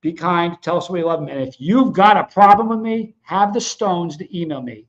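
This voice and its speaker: A man's voice: high voice, a little fast. A man hosting his own livestream, talking casually and bluntly to his viewers in a fired-up, confrontational way. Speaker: host of a livestream show. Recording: dull lo-fi sound.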